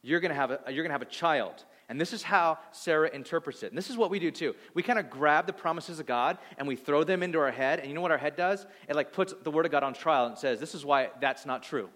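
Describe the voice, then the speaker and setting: A man in his thirties preaching a sermon, animated, acting out voices and swinging between loud and soft. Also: fairly high pitch, quick pace, hardly any pauses. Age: 30s. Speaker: pastor. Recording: long hall reverb.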